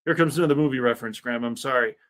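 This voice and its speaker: A man hosting a casual interview, chatty and quick to laugh, who rambles into anecdotes. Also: mid-range voice, a bit bright. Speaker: podcast host.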